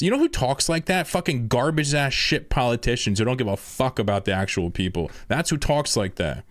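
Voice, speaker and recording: A man's voice: mid-range voice, big pitch swings, brisk, few pauses, no echo, studio quality. A man commentating casually on a stream, exasperated and swearing as he reads posts aloud.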